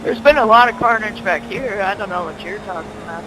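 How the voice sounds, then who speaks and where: A man's voice: high voice, fairly quick, background noise. A man chatting on voice chat as a fellow racer, casual and a bit apologetic.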